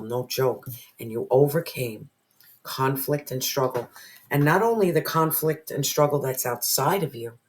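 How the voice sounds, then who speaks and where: A tarot reader giving an emotional spiritual reading, repeating phrases for emphasis, dropping into whispers now and then, and swearing at times. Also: medium pitch.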